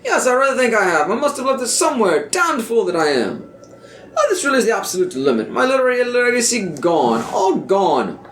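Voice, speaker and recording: A man doing a plummy pompous old gentleman. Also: very high-pitched, sing-song, brisk, echoey room, exaggerated voice. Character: pompous posh older male gentleman traveller.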